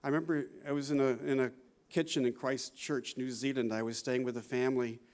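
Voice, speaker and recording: His mid-range voice moves little in pitch, brisk and a little mellow. In his sixties, this psychology professor delivers a conference lecture in a conversational way, often adding "you know" and "right?" and breaking into laughter.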